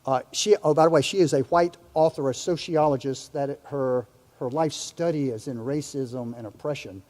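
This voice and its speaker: A man's voice: mid-range voice, normal speed, a little mellow, big-room sound. An older man speaking as a panelist in a discussion, earnest and reflective, often restarting his sentences.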